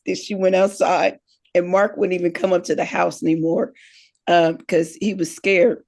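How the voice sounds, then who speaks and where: Animated woman telling a story. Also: lowish voice, moderate pace, gravelly. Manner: animated storyteller, acts out childhood dialogue. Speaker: podcast co-host. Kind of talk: casual family chat.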